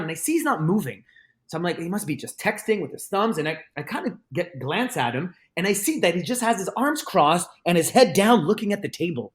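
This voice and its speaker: Animated rambling male magician storyteller. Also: high-pitched. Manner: animated, rambling, with frequent restarts and fillers. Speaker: magician and guest. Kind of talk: casual storytelling in a podcast interview.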